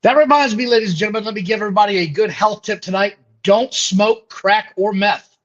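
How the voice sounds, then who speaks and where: A man's voice: high-pitched, a little fast, lo-fi sound. A man hosting a casual wrestling podcast, blunt, profane and opinionated. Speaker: host.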